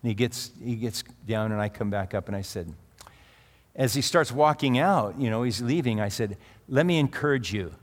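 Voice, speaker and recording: Middle-aged pastor preaching in a reverberant hall. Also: male voice, lowish voice, normal speed. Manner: conversational, restarts and asides. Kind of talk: sermon with personal anecdote. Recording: long reverb of a large hall.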